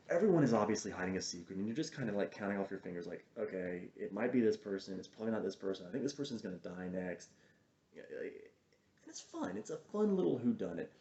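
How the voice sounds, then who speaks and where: Low-voiced man rambling through a movie review. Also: mellow. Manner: chatty and digressive, trails off hunting for titles. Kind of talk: casual film review monologue. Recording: roomy, slightly dull lo-fi sound.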